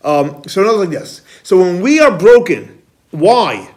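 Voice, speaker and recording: High-voiced rabbi teaching a class. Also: male voice, normal speed. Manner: animated, asks the class questions and repeats key phrases. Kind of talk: classroom lecture.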